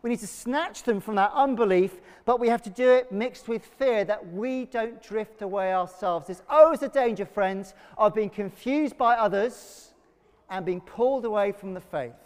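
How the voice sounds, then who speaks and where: High-voiced pastor in a reverberant church. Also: male voice, moderate pace. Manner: energetic, leads congregation call-and-response. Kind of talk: sermon. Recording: long reverb of a church hall.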